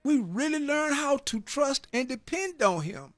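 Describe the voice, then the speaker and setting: Earnest, high-voiced man giving testimony. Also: animated, measured pace, a bit bright, no echo, clean studio sound, faint music behind. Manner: earnest and emphatic, often ending phrases with "man"; repeats words when stirred, preacher-like cadence. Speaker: former prison inmate giving testimony. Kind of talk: personal faith testimony.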